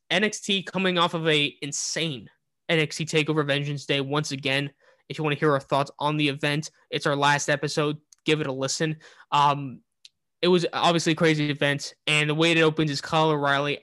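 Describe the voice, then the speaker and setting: A man's voice: a little high, bright, forceful tone, no echo. A man co-hosting a casual wrestling podcast, recapping the show in a rambling way with many fillers and restarts. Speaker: podcast co-host.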